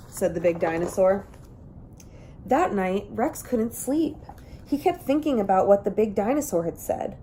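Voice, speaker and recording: A woman's voice: medium pitch, expressive, unhurried, dark tone, slight background noise. A woman reading a children's picture book aloud, telling the story expressively and acting out the characters. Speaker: reader.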